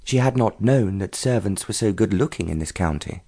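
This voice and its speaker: A man narrating a romance novel audiobook in a measured storytelling manner. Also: on the low side, animated, mellow. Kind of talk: scripted narration.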